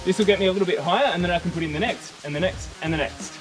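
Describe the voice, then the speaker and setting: A man's voice: high voice, racing, soft background music, rough recording. A man vlogging outdoors at a cliff, casually explaining his climbing setup as he works. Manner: upbeat, talks while working on the rock. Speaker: vlogger climbing and bolting a new route.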